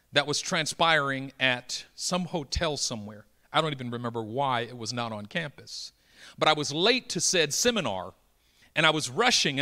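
A middle-aged man preaching a sermon through a personal story, swinging from loud exclamations to hushed near-whispers. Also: fairly high pitch.

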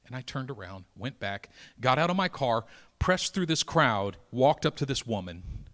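A man preaching a sermon, telling a story with dramatic swings from soft whispers to loud, high-pitched outbursts. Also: big pitch swings, normal speed.

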